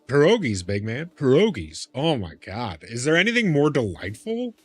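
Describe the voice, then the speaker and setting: A Midwest US man live-streams a game, chatting casually and chummily with viewers and calling them "big man." His medium-pitched voice swoops wildly in pitch at normal speed with hardly any pauses. It's a little mellow with a breathy edge, and there's no echo.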